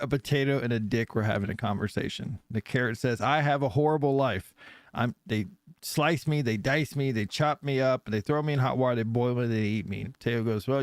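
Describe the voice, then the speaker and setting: A man's voice: medium pitch, smooth, no echo, studio quality. A man hosting a casual podcast, telling old jokes and laughing often. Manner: laughs often, jokey storytelling. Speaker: podcast host.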